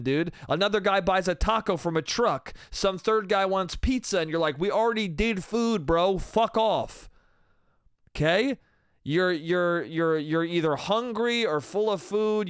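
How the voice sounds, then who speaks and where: A man's voice: sits high, fairly bright tone, smooth, dry recording, clean studio sound. An American man hosting a solo comedy podcast, ranting in a profane, rambling way and saying "dude" constantly. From United States. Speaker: podcast host.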